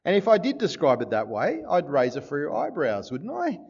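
A man preaching a sermon to a congregation, lively and joking, often asking his listeners questions. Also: fairly high pitch, fairly quick, vocal fry, husky, muffled recording. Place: church service before a congregation.

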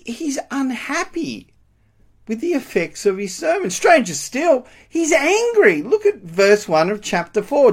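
A man preaching a sermon, animated and emphatic, asking rhetorical questions. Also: sits high.

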